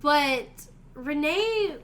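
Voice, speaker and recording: Bright, high woman podcast host, chatty and laughing. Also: lively intonation, very slow, slight background noise. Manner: laughing, loud outbursts. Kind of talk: casual book club chat.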